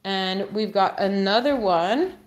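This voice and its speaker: A woman hosting a casual livestream, who talks to her dog in a high sing-song voice, drops low for asides and exclaims and laughs often. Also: takes it slowly.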